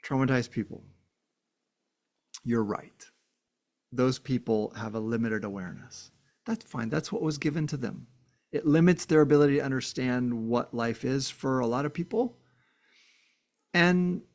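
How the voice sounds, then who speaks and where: A man's voice: mid-range voice, gravelly, darkish tone. Earnest man talking straight to viewers. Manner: earnest, emphatic, addresses viewers directly. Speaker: vlogger. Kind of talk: casual heartfelt monologue to camera.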